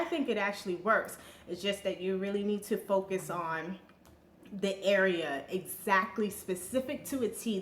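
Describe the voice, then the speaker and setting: A woman's voice: mid-range voice, a bit bright, slight background noise. A woman giving a casual, candid product review as a vlogger, talking with fillers and slang. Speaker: beauty vlogger. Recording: echoey room with faint ambience.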